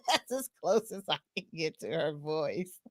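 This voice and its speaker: A woman's voice: low-pitched, animated, measured pace, a bit bright, dry recording. A woman hosting a casual livestream chat, teasing her guests and laughing often. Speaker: livestream host.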